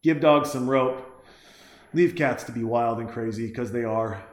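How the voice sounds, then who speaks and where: A man's voice: medium pitch, a little slow, reverberant. A man casually ranting and making sarcastic, profane commentary while reacting to a movie.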